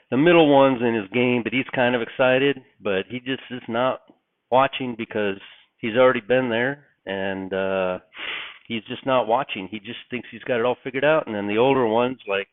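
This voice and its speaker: A man's voice: medium pitch, normal speed, dry recording. Middle-aged guy rambling about faith, fillers everywhere, phone-like thin sound. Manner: rambling, animated, with many fillers and restarts. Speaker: online religious commentator. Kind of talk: casual preaching talk to camera. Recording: tinny, phone-like, dry sound.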